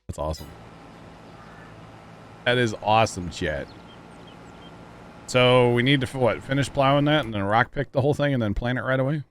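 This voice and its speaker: A male livestreamer chats casually with his viewers and co-players in a mid-pitched voice, dropping quick exclamations and thank-yous. A faint hum sits behind him. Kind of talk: casual gaming livestream chat.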